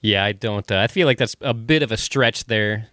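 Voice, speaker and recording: Laid-back male co-host, low voice, dry sound, casual beer-review chat. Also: normal speed, pushed and bright, no room sound. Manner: laid-back, brief replies, dry humor. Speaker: podcast co-host.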